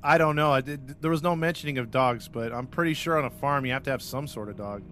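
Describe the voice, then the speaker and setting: A man's voice: medium pitch, fast talker, a bit bright, a little hiss or hum. A man hosting a podcast in casual chat, telling a story with jokes and laughs. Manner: jokey storyteller, laughs often. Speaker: podcast host.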